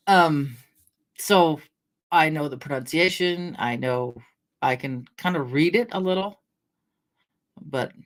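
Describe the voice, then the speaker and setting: A middle-aged woman from Washington State chats on a casual livestream, reading out names from the chat as she goes. Her voice sits low for a woman, and she rambles easily from one story to the next with frequent laughs. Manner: chatty, rambling, laughs often, greets viewers by name. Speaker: livestream host. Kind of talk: casual chat with live chat readers.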